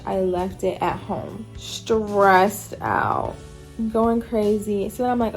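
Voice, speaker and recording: A woman's voice: medium pitch, takes it slowly, creaky, soft background music. A woman vlogger telling a story in a casual, chatty way, acting out her own thoughts as she goes.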